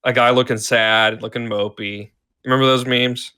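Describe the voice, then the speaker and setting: A man co-hosting a casual chat, laid-back, chuckling often and trailing off softly. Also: mid-range voice, little pitch movement, normal speed, clear, resonant tone. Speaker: podcast co-host.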